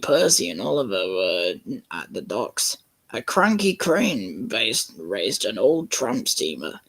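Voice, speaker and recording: A man's voice: fairly low pitch, very animated, takes it slowly, vocal fry, fairly bright tone, dry recording. A man reading a script aloud for laughs, joking and stumbling over words. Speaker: fan channel host reading a script. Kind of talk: casual comedic reading.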